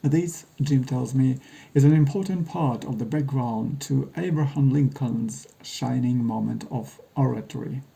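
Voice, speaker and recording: A man reading scripted narration in a measured, wry storytelling manner. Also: mid-range voice, gravelly, dark tone, rough recording.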